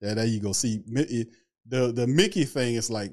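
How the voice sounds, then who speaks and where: A man's voice: medium pitch, normal speed, a little mellow. A man hosting a casual sports talk livestream, loose and chatty, greeting viewers in the chat by name. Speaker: sports talk show host.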